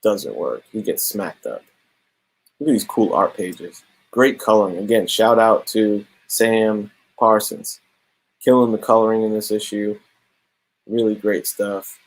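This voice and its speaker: A man casually reviewing comics, telling the story in animated slang with quick asides. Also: lowish voice, gravelly, poor audio.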